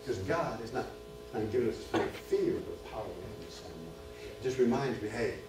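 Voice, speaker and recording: A man preaching a sermon at a men's retreat, impassioned and repetitive, building in pitch and force as he goes. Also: animated, brisk, over music. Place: church hall or retreat room. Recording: echoey hall, far from the mic.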